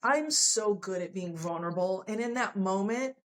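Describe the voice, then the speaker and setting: The recording is rough, and the woman's mid-range voice moves at normal speed. She's a guest on a podcast, telling her own story frankly and with feeling, and earnestly performs each person's lines.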